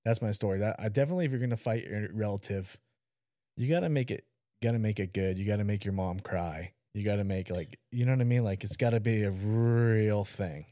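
A man's voice: lowish voice, brisk, no room sound, studio quality. A young adult man co-hosting a podcast, telling rowdy stories in casual chat, swearing and acting out what people said. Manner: animated storyteller, swearing, acting out quotes. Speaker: podcast co-host.

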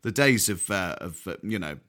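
A man's voice: deep voice, expressive, moderate pace, fairly bright tone. A man in casual podcast chat, teasing and joking with his co-host.

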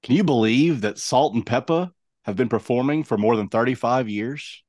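A man's voice: mid-range voice, moderate pace, a little mellow, no room sound. A man co-hosting a casual podcast, telling dad jokes and groaning at his friend's puns. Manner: groans at bad puns, playful. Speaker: podcast co-host.

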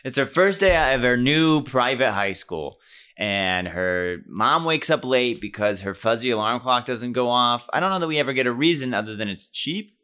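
Young male podcast co-host, bright tone, lively pitch, rambling and jokey. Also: moderate pace, clear, resonant tone. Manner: joking, rambling with many fillers. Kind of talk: casual chat.

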